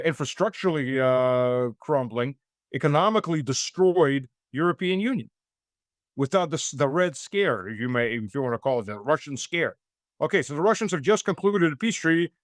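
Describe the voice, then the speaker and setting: A man with a fairly high speaking voice gives political commentary as a guest in an interview. He rambles through long runs with plenty of fillers and false starts, and his tone turns sarcastic. The sound is dry and close, with no room echo. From United States.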